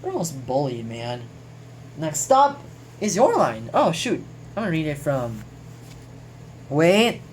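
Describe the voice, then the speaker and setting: Lively, rambling woman reading a quote journal. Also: sits low, takes it slowly, long pauses, a little hiss or hum, rough recording. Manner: chatty, jokey, swears casually, trails off mid-sentence. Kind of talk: casual rambling recap.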